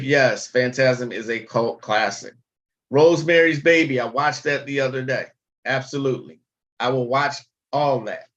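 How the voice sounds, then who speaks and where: A man's voice: medium pitch, fairly bright tone, muffled recording. A man hosting a casual livestream, talking bluntly and chattily and swearing freely. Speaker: livestream host.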